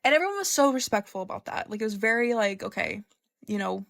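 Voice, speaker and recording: Excitable, gushing young woman with a dry sound. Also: medium pitch, quick pace, vocal fry, no room sound. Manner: excitable, gushing and profane, laughing often. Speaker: vlogger. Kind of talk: casual storytime.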